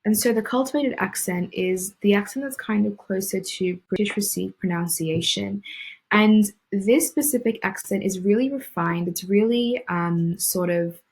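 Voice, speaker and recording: A woman's voice: mid-range voice, normal speed, slightly rough, rough recording. A young woman from Australia with a general Australian accent, tutoring in a casual explainer style with frequent ums and restarts. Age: young adult. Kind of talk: educational explainer.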